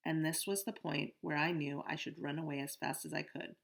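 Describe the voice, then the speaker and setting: A woman reading a children's novel aloud in steady, first-person storytelling. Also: sits low, a little fast, vocal fry. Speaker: audiobook narrator. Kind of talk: scripted first-person narration.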